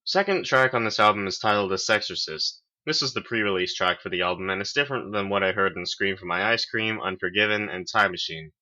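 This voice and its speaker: Low-ish man, forceful and tense tone, sardonic reviewer, muffled lo-fi sound. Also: a little fast, hardly any pauses. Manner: dry, sarcastic. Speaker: host, album reviewer. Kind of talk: semi-scripted review.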